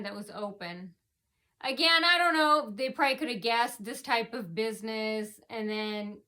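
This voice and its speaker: Woman rambling thru a vlog story, lots of um and uh, high voice, keeps trailing off. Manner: halting, lots of fillers and restarts, trails off quietly. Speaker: vlogger. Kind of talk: rambling personal account.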